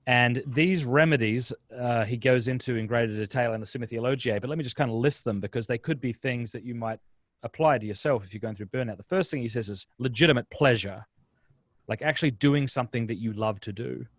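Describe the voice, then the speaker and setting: A man, a guest speaker on a video-call webinar, telling stories in a lively, casual way with quick restarts. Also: mid-range voice, no room sound, clean studio sound. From Australia. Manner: lively storyteller, frequent restarts. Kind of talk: casual interview chat.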